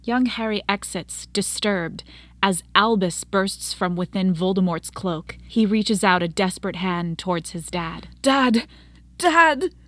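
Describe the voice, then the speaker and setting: A woman reviewer retelling a play with animated storytelling and her own commentary. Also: on the low side, a little slow, no room sound. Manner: animated storytelling, acts out scenes. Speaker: book reviewer.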